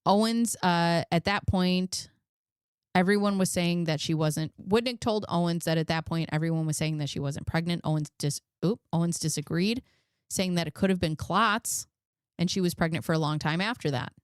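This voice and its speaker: A woman's voice: lowish voice, moderate pace, smooth, no echo, studio quality. A woman in her thirties hosting a commentary channel, telling candid personal stories in a chatty, casual way and reading out case notes.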